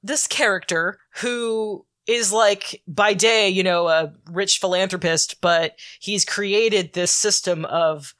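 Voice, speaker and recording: A woman's voice: medium pitch, slow, few pauses. A woman co-hosting a podcast, chatting casually and animatedly about comics, with lots of "like" fillers. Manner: chatty and animated, many "like" fillers, frequent laughs. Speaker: podcast co-host.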